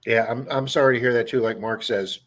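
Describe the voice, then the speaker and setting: A man's voice: mid-range voice, steady tone, a little fast. A man with a Baltimore accent hosting a casual livestream, chatting and answering viewers' comments by name. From Baltimore area, USA. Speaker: livestream host.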